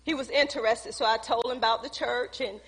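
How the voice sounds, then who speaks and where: A woman's voice: a little high, fairly even intonation, brisk, gravelly, fairly bright tone, husky. A woman pastor preaching a sermon, telling a personal story and acting out conversations with emphasis. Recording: long hall reverb.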